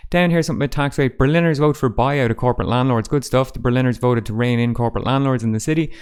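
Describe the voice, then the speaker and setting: A man's voice: mid-range voice, quick pace, a little mellow, clear, resonant tone. A man hosting a casual roundup of newspaper front pages, with dry, sarcastic asides. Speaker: host.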